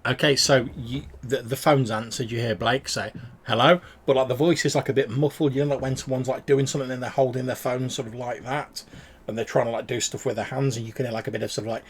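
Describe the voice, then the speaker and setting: A man's voice: medium pitch, fairly even intonation, quick pace, slight background noise. A man narrating as game master, describing scenes with many fillers and restarts.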